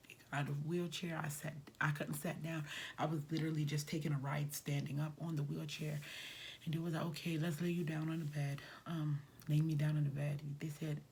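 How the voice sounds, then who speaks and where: Gravelly-voiced woman telling a personal story. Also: sits low, a little mellow, slight background noise. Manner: casual, conversational, drops to a near whisper at times. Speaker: vlogger.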